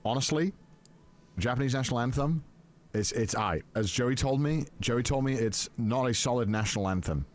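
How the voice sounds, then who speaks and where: A man's voice: mid-range voice, normal speed. A man, a YouTuber telling a rambling story in casual chat, full of fillers and restarts. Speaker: YouTuber host.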